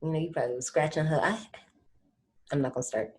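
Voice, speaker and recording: Woman podcast co-host, slightly low voice, animated slangy storyteller. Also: quick pace. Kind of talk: casual chat.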